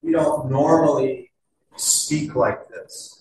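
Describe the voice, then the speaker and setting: A middle-aged man preaching a sermon in an earnest, conversational way, with many fillers, slowing to stress scripture words. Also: fairly high pitch, little pitch movement, a little mellow, slight background noise. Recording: echoey hall, distant mic.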